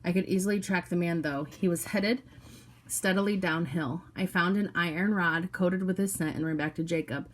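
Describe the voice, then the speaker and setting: A woman reads a novel aloud in the first person. Her storytelling is steady and low-key, set in a lowish register. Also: moderate pace. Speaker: audiobook reader.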